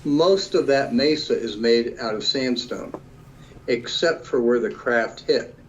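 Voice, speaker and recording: A man's voice: medium pitch, a little slow, a little hiss or hum. Matter-of-fact man over dull audio. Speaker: guest researcher. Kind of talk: interview storytelling.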